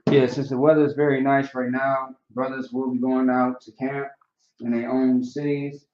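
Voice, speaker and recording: A man's voice: mid-range voice, moderate pace, a little hiss or hum. Man teaching a class from across a roomy space. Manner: relaxed, repeats fillers like "you know" and "right?". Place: classroom, writing on a board. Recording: roomy, distant, dull lo-fi sound.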